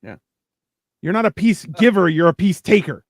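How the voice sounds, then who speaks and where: A man's voice: high voice, animated, normal speed, no room sound, clean studio sound. A man hosting a casual podcast chat, talking bluntly with lots of swearing and emphatic repeats. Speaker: host.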